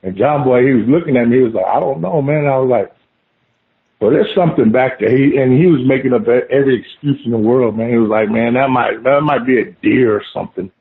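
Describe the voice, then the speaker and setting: A man casually telling a scary story of his own, animated and swearing, saying "man" at every turn. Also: medium pitch, fast. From Oklahoma. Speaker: guest telling an encounter story. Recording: phone-line call audio.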